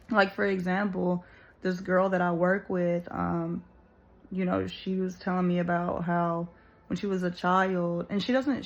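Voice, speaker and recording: A woman's voice: fairly low pitch, vocal fry, dull audio. A woman musing earnestly to viewers in a casual spoken reflection, searching for words with plenty of "like" and "you know.".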